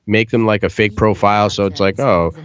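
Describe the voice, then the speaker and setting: A man's voice: fairly low pitch, brisk, clear, resonant tone. Blunt, profane male music producer. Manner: blunt, profane, animated explaining with mimicked voices. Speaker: podcast guest, music producer. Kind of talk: casual podcast chat.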